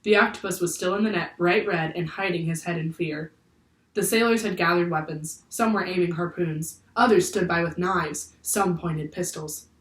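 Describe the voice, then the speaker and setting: A woman teacher reading a children's book aloud in clear, steady storytelling. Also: fairly low pitch, normal speed. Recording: echoey room, far from the mic.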